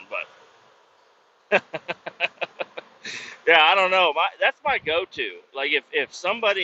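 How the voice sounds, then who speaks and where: A man's voice: mid-range voice, sharp tone, lo-fi sound, a little hiss or hum. A man hosting a podcast, telling a work story in a rambling, foul-mouthed way and often doubting himself as he goes. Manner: rambling, heavy swearing, self-doubting asides. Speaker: podcast host; industrial cleaning worker. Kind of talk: casual profane storytelling.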